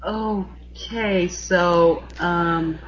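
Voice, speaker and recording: A woman's voice: lowish voice, fairly even intonation, drawn-out words, husky. A woman in her late thirties co-hosting a casual celebrity chat, gushing and exclamatory. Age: late 30s. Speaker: podcast co-host. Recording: dull lo-fi recording.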